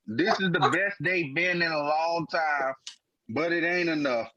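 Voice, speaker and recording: On dull, lo-fi podcast audio with a bit of hiss or hum, a man co-hosting a sports show argues in heavy slang. He's animated and emphatic, though his higher voice stays unhurried.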